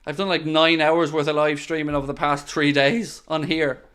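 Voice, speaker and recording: Excitable male football watchalong streamer. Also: a little high, normal speed, clean tone. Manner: excitable, bursts into loud groans at near misses, chatty asides to viewers. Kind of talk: live match commentary with chat.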